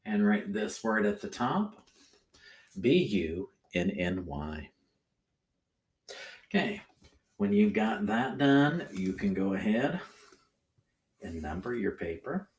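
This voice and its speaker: A man teaching a recorded phonics lesson to children, talking in a slow, sing-song way and checking in often with the listener. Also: on the low side, sing-song. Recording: echoey room.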